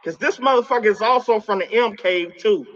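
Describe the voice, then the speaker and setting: Profane high-voiced man taunting on a stream. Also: a little fast, a bit bright. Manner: repeats words when worked up. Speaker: livestreamer addressing a spirit. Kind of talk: live stream rant. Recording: dull lo-fi stream audio.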